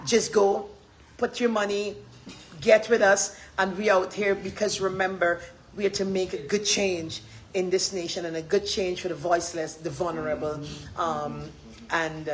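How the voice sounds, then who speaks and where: A woman with a Guyanese accent, speaking passionately as a political campaigner on a livestream, often rising into loud, emphatic shouts. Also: on the low side, slight background noise, poor audio.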